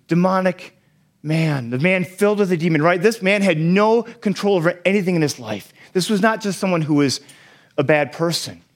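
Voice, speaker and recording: A man with a fairly high voice delivers a sermon, walking listeners through a Bible passage step by step. He often checks in with a quick "right?" and acts out the quoted lines with energy. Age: young adult to middle-aged, a parent. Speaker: pastor.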